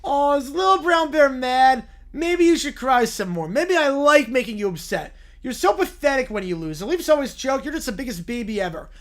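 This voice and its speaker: A man's voice: extremely high pitch, animated, normal speed, few pauses, a bit bright, exaggerated voice. A text-to-speech voice playing a gloating bald boy who taunts a sore loser. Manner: taunting, smug. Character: gloating bald boy bully, rival fan.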